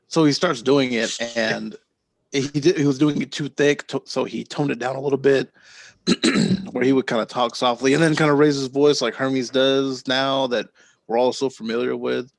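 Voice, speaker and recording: This podcast co-host tells rambling stories and is quick to laugh during the casual chat. His medium-pitched voice has some vocal fry, and the recording is dry.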